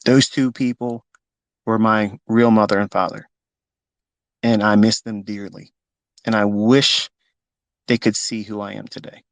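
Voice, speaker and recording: A fifty-year-old man with a gravelly voice, telling a personal story off the cuff in a blunt, emotional way with plenty of swearing. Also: fairly low pitch, level tone, a little slow, pauses often, no echo. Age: 50s. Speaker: trading educator on a live talk. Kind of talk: unscripted live talk.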